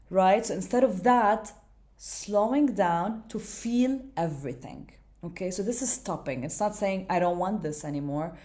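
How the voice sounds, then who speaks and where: A woman speaking at an ordinary middle pitch, teaching mindfulness in a relaxed, conversational way. She talks gently and chats as she explains, dropping in "you know," "okay" and "right" along the way. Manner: gentle, chatty, many fillers and "okay", "right". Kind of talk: casual teaching monologue.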